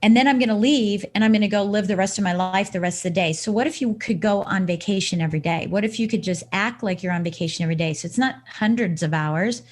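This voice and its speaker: A woman guest on a podcast, a coach explaining her ideas and acting out scenarios with quoted self-talk. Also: medium pitch. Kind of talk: casual interview chat.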